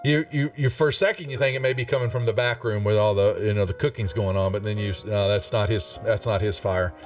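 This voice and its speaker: Guy game master rambling through a live game, mic a bit far, quiet music behind. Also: fairly low pitch, fairly even intonation, fast talker. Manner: rambling, many restarts and fillers, chuckling. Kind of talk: running a live tabletop game.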